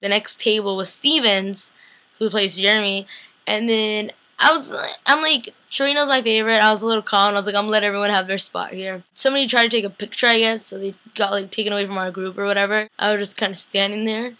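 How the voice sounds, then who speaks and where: A woman's voice: medium pitch, steady tone, fast, pushed and bright, rough recording. A young woman telling a vlog story in a chatty way, full of "like" and quoted bits of talk. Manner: chatty, lots of "like", acts out quotes with a lifted voice. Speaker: vlogger.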